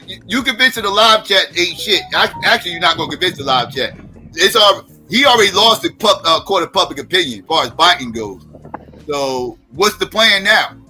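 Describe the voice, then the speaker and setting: A man's voice: fairly high pitch, sharp tone. A man hosting a live stream in a blunt, profane, challenging way. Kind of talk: casual livestream talk.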